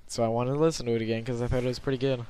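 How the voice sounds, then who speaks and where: Rambling young man, smooth voice. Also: medium pitch, steady tone, rapid-fire, mellow. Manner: rambling, self-conscious, many ums. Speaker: gameplay commentator. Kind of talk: casual late-night game commentary. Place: bedroom, on his bed at night.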